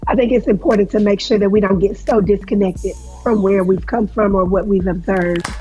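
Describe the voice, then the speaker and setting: A woman co-host making measured, thoughtful points in a casual talk show discussion. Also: medium pitch, fairly even intonation, dark tone, faint music behind, low-quality recording.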